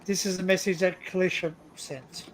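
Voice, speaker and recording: High-voiced man, joking. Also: steady tone, normal speed, noisy background. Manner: joking, rambling, swears freely. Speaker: live stream host. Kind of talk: casual chat.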